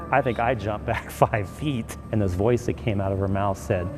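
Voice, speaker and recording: Deep-voiced priest telling a story. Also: male voice, normal speed, few pauses, music in the background. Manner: animated storytelling. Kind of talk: interview storytelling.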